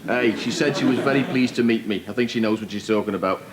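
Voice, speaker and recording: An actor playing a vain, pompous rich footballer in a nineties sitcom, scolding and self-important. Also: male voice, on the low side, fast, very noisy, lightly acted. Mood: smug. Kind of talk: 1990s TV sitcom acting.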